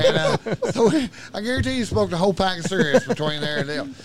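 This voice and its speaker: A man's voice: sits high, big pitch swings, brisk, over a noisy crowd. A man telling a long, profane story in casual podcast talk. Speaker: podcast guest.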